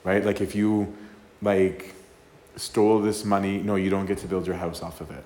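Man, priest, casual sermon talk, lowish voice, keeps asking "right?", roomy echo. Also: little pitch movement, moderate pace, mellow. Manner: conversational, keeps asking "right?", acts out quotes. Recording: echoey room with faint ambience.

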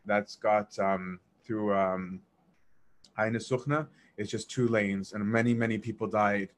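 A man casually telling a personal story, animated, acting out dialogue and laughing as he goes. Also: on the low side, measured pace. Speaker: storyteller recounting memories of a monk.

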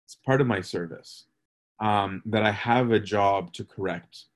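A male priest teaching on a scripture passage in a relaxed, conversational way, reading verses aloud and often checking in with "right?". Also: fairly low pitch, measured pace. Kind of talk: scripture study talk.

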